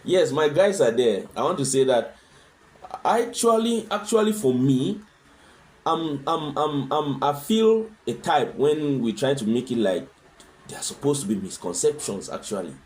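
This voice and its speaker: A man's voice: mid-range voice, lively intonation, unhurried, darkish tone. A man talking as a guest in a conversational interview, earnest and fond of rhetorical questions. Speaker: husband sharing his experience as a guest.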